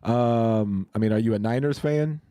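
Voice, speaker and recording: Mellow-voiced man hosting a live stream. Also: medium pitch, moderate pace, no room sound, clean studio sound. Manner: laughs often, greets and answers chat. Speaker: crypto live-stream host. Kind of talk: casual live-stream chat.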